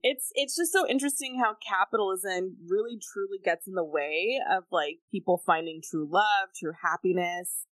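A woman's voice: mid-range voice, moderate pace, hardly any pauses, fairly bright tone, no echo. A woman with a mid-range voice talks earnestly on a podcast, working through her thoughts in long, building sentences. The sound is close and dry, with no room around it. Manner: earnest and reflective, building long run-on points. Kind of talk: casual podcast chat.

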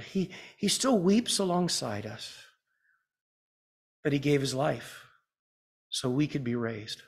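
A male pastor delivering a sermon in a slightly high voice. He swings between loud, urgent emphasis and quiet, hushed passages. He puts rhetorical questions to his listeners. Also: gravelly, breathy edge.

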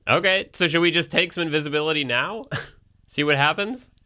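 A man's voice: on the high side, fairly quick, sharp tone. A man playing a tabletop game, asking hesitant, stumbling questions. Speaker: player. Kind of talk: casual tabletop play.

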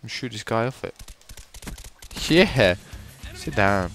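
A man's voice: on the low side, expressive, takes it slowly, pauses often, fairly bright tone, soft background music. A young man giving sarcastic, profane commentary while playing a shooter game. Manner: sarcastic, swearing, frustrated. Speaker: gameplay commentator. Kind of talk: casual profane gameplay commentary.

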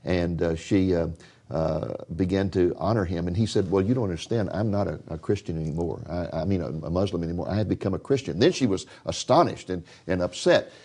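An older male host of a religious television program talks to his viewers in a folksy, preacher-like storytelling manner. His voice is low with a dark, mellow tone. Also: brisk. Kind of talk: religious TV interview.

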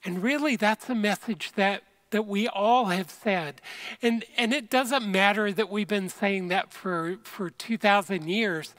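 An earnest pastor delivers a conversational sermon from a church sanctuary and speaks straight to the people watching. The pace is slow and unhurried, and the voice sits at a middle pitch. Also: a bit bright.

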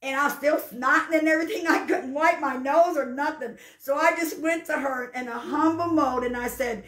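Woman preacher, high voice, folksy testimony, fervent, echoey room. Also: normal speed, few pauses. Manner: fervent, breaks into shouts of hallelujah; folksy storyteller. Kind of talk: spoken testimony and sermon.

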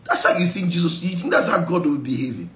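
A man's voice: sits high, lively intonation, quick pace, a bit bright, reverberant, low-quality recording. A Nigerian-accented male pastor teaching a Bible study sermon in an exhortative way, slipping into pidgin asides. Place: church.

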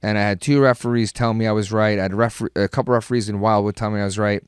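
A man's voice: fairly low pitch, steady tone, fast talker, smooth, no room sound, clean studio sound. A middle-aged man, a podcast guest, telling rambling, profane stories in casual chat and laughing as he goes.

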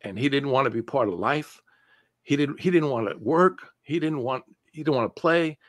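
As an interview guest, a man tells a personal story in a loose, chatty manner at normal speed. He's animated and keeps restarting sentences partway through. His mid-pitched voice sounds dry, with no room echo.

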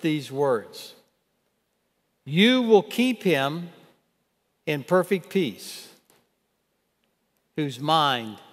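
An older man preaching a sermon as pastor in a church, earnest and measured, reading scripture aloud. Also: on the high side. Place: church sanctuary. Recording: long church hall reverb.

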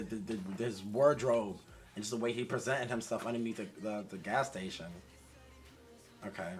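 Animated man reacting loudly to a music video. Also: medium pitch. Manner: animated, talks straight to viewers, shifts between loud excitement and quiet mumbling. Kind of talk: casual reaction commentary.

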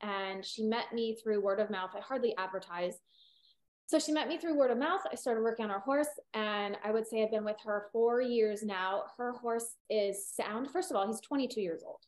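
A middle-aged woman with a somewhat high voice, a veterinarian talking loosely in an interview. She rambles, piles on fillers and restarts her sentences as she explains. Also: normal speed. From California. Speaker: holistic veterinarian guest. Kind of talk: casual interview conversation.

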